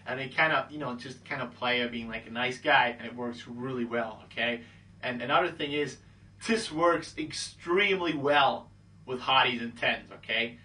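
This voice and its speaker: A man's voice: medium pitch, moderate pace, bright, forceful tone, far from the mic. A man giving casual dating advice who keeps checking in with "okay?". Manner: breezy, acts out pickup lines in quoted voices, says "okay?" a lot. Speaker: dating coach. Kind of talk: casual instructional talk.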